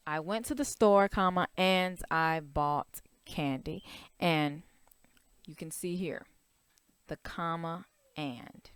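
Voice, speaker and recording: A woman's voice: lowish voice, slow pace, smooth. A woman teacher explaining a writing lesson to young children, in short simple steps and with frequent checks that they follow. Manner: patient, simple explanations with repeated checks like "right?" and "okay?". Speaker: elementary school teacher.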